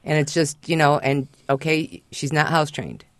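A woman's voice: sits low, moderate pace, no room sound. Reassuring woman dog trainer on radio. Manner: reassuring, chatty, personal anecdotes. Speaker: dog trainer, studio guest. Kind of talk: radio call-in advice. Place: radio studio.

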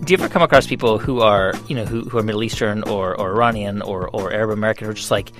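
A male interviewer asking halting questions with many restarts, then closing the segment. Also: on the low side, music in the background.

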